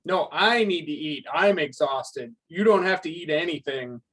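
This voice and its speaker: A man's voice: fairly high pitch, expressive, moderate pace, fairly bright tone, rough recording. A man playing a tabletop game, speaking in character with dry, clipped replies. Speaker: player.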